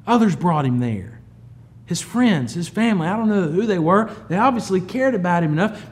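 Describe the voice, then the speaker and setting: Pastor preaching with big swings. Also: male voice, animated, normal speed. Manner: swings from soft low storytelling to loud, high, emphatic peaks. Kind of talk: sermon.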